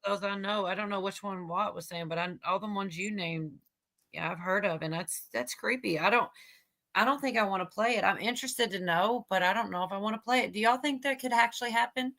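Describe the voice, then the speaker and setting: A woman chatting quickly in a casual group conversation, often trailing off mid-thought. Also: mid-range voice, a bit bright, no room sound.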